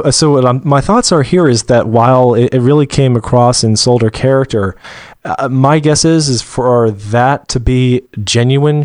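A man from Georgia co-hosts a casual movie podcast, weighing his thoughts aloud and pausing to hunt for words. His voice sits in an ordinary middle register. The sound is dry and close, with no room around it. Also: mid-range voice, a little mellow, no room sound. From Georgia, USA. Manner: measured, searches for words with fillers. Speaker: podcast co-host. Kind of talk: casual movie review discussion.

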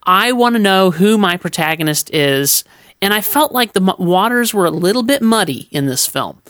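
A man's voice: high-pitched, animated, moderate pace, fairly bright tone, no room sound, clean studio sound. Stammering, candid podcast co-host man. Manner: stammers and restarts, candid opinions. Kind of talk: casual movie review discussion.

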